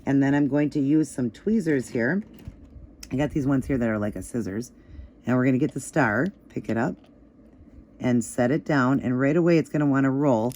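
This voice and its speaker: A slightly hoarse woman giving a casual, chatty step-by-step nail art tutorial, with easygoing instructions and fillers. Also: very deep voice, normal speed, darkish tone. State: slightly hoarse, voice still crackly.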